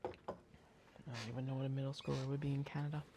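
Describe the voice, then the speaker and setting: Casual sewing-stream host, gravelly fry, rambling and chatty. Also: mid-range voice, little pitch movement, racing, background noise. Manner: rambling, chatty, full of "like" and restarts. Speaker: bag maker and livestream host. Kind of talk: casual livestream chat while sewing. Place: home sewing studio.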